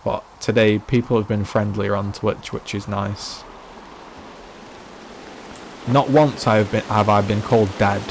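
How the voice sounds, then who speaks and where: A young man talks through a live game stream in a rambling, unscripted way, stopping and restarting his sentences. His voice sits on the low side, and a faint hiss runs underneath. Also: steady tone, a little slow, gravelly, pauses often. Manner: rambling, repeats and restarts himself, many "like" fillers. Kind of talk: casual live-stream chat while playing.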